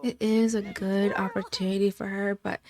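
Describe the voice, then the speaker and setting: A woman's voice: mid-range voice, flat delivery, moderate pace, darkish tone, voice pushed down, natural voice. A woman voicing a defensive, protective middle-aged mother who gets flustered.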